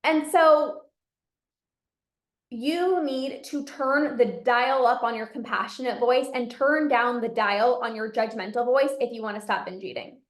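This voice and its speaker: A binge eating coach with a high-ish, unhurried voice gives casual, earnest advice directly to camera, conversational and full of "like" and "right?" The room she's in is echoey.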